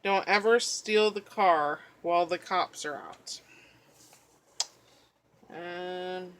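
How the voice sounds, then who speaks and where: Slow, bright-voiced woman rambling along. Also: on the low side, a little hiss or hum. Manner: rambling storyteller, casual swearing. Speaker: craft vlogger. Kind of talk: casual journal flip-through chat.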